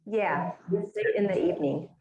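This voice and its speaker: An actress voices an easygoing woman just back from a trip, in a scripted course-book dialogue. Her delivery is plain and matter-of-fact, at an ordinary middle pitch. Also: unhurried, echoey room, dull audio, over a noisy crowd, lightly acted.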